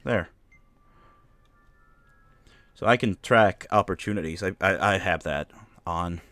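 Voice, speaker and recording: Low-voiced man rambling over gameplay. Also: takes it slowly, fairly bright tone, no echo, soft background music. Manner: rambling, joking asides. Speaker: streamer. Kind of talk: casual gameplay commentary.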